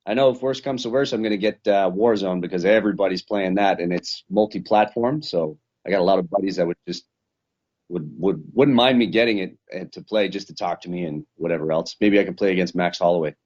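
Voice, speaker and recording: A man's voice: low voice, brisk, darkish tone. A male fighter recapping a bout in a casual interview, rambling and swearing as he tells the story over a video call. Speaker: professional fighter. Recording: dull lo-fi sound.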